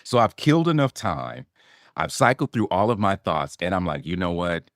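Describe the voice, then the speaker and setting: A middle-aged actor recounts an old audition on a podcast. His voice sits a little low but swings widely in pitch as he plays out his own past words. The sound is dry and close. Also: moderate pace, no room sound. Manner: animated, acts out his own past lines with swearing and laughter. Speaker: actor guest. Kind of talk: storytelling podcast interview.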